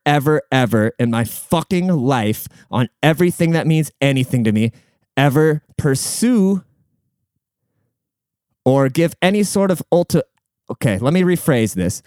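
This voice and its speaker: A man's voice: a little high, lively intonation, moderate pace, a little mellow, clear, resonant tone, no echo, clean studio sound. A young man hosting a podcast, giving a crude, profane, rambling monologue in casual chat.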